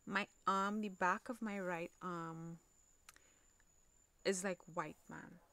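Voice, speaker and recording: Slow, low-voiced Trinidadian woman storyteller. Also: fairly even intonation, sharp tone, no room sound. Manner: halting, repeats words, swears, drops to near whisper. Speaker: podcast host. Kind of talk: personal storytelling.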